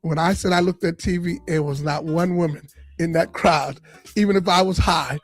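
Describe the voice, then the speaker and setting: A comedian in a podcast interview, a man with a high voice, walks through his past in a lively storytelling style. He acts out the voices of the people he talks about. Faint music plays under his voice. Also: normal speed. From Boston area. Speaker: comedian and radio personality guest. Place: podcast studio.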